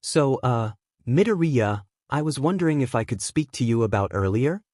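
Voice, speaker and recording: A man voicing a tired adult male teacher who speaks haltingly and earnestly. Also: mid-range voice, expressive, darkish tone, no room sound, clean studio sound, lightly acted. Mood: hesitant.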